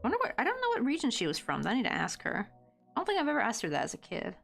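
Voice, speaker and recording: This young crochet streamer, who has a Southern Tennessee accent, answers her chat from her desk in a rambling, filler-packed way, with plenty of "like" and "um." Her voice is a little high, creaky, and fairly bright, with huge pitch swings and a quick pace. Faint music sits behind her.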